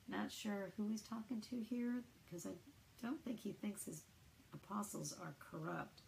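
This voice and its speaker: A woman's voice: mid-range voice, measured pace, creaky, darkish tone, slight background noise, poor audio. A woman reading the Bible aloud and thinking it through in casual, hesitant talk full of fillers. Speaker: Bible reader.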